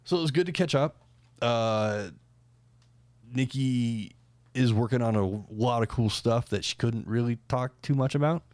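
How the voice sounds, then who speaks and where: A man's voice: mid-range voice, unhurried, a little mellow, dry recording. A man hosting a podcast in casual chat, rambling with lots of fillers and restarts. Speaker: podcast host.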